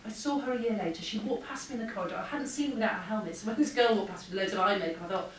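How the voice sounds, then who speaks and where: A woman, a former air force pilot, giving a lively motivational keynote and acting out the dialogue in her stories. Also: mid-range voice, rapid-fire, few pauses. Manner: lively anecdotal, acts out dialogue. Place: large hall with an audience. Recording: echoey hall, distant mic, faint hum.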